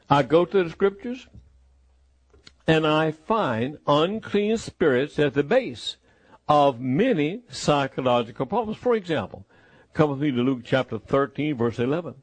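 Male preacher, slightly high voice, slow, emphatic delivery, dry sound. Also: a little mellow, no echo. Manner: emphatic, repetitive preaching with deliberate pauses. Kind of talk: sermon.

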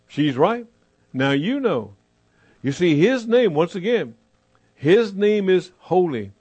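A man preaching a sermon as pastor, emphatic, repeating his phrases and slowing down to stress them. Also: a little high, darkish tone, dry recording.

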